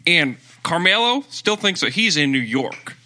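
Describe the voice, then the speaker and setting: A man's voice: a little high, big pitch swings, unhurried, full character voice. A man putting on a Southern accent to play a blustery, folksy sports-radio hot-taker in a comedic podcast bit. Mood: ranting. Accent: put-on Southern US. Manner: loud, folksy ranting.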